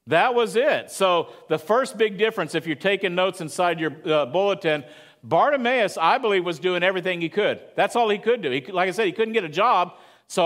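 High-voiced preacher at a church. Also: male voice, lively intonation, a little fast, fairly bright tone. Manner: conversational, asks the congregation questions. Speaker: pastor. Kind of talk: sermon.

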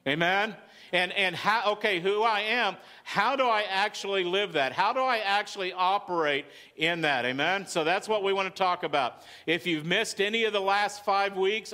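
His voice sitting high with a sharp edge, a Southern-accented pastor talks to his congregation in a conversational sermon. The church sanctuary rings with frequent calls of "amen."

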